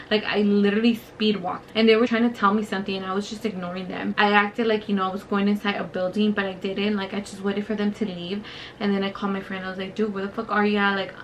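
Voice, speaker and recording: A young beauty vlogger does her makeup while telling a story, swearing freely and animated, with lots of fillers. Her voice is at an ordinary middle pitch, and she's close to the camera mic in a rough recording with faint background noise.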